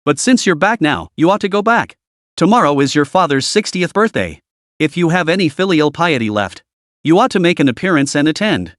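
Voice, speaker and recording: A man's voice: fairly high pitch, big pitch swings, a little fast, a bit bright, no room sound, studio quality. A man voicing a scheming, arrogant middle-aged stepmother in an audiobook-style recap, coaxing one moment and icy the next. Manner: coaxing then icy, sly giggling.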